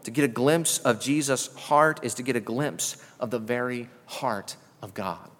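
Guy preaching a sermon, mid pitch, earnest, lots of questions, big echoey church hall. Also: normal speed, fairly bright tone. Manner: earnest teaching, rhetorical questions, frequent restarts. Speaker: pastor.

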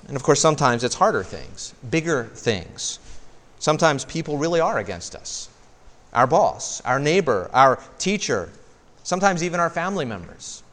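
A male pastor delivers an earnest sermon in a voice pitched a little high. He slows down to lean on key phrases and sometimes repeats a word as he starts a thought. His voice rings out with the long reverb of a church hall. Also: very animated, fairly bright tone.

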